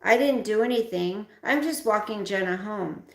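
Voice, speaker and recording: A shy, nervous teenage boy stammering an apology, voiced by a woman reading aloud. The voice is gravelly and slightly hurried. It sits in an echoey room. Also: mid-range voice, natural voice.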